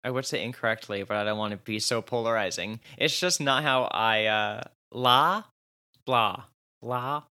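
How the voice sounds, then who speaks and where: Chatty New Jersey man, bright voice. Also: fairly low pitch, brisk, hardly any pauses, clean tone. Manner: chatty, laughs often, wry. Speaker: podcast co-host. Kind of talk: casual chat.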